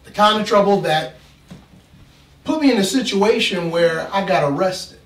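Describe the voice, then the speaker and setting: A man, a pastor, telling a comic story at a live poetry event, halting and animated. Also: high-pitched, far from the mic. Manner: halting, animated, slips into character voices. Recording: roomy live venue from afar.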